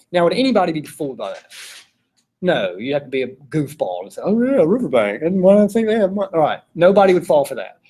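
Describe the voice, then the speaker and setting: Husky, a little mellow and slightly high, this man's voice leads a classroom lecture in philosophy. He keeps things conversational and casual, turning to the students with questions.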